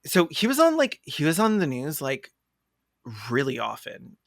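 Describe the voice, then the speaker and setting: A woman's voice: deep voice, huge pitch swings, normal speed, gravelly, no room sound, studio quality. A young adult woman co-hosting a podcast, chatting casually and animatedly, laughing often and slipping into quoted voices. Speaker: podcast co-host. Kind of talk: casual comedic chat.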